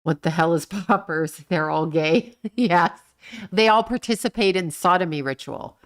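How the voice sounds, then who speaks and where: A woman's voice: fairly low pitch, a little slow. Blunt, swearing woman livestream host. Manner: blunt and profane, rants and swears at the people she discusses; talks back to chat comments. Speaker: livestream host reading chat. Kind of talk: casual livestream chat.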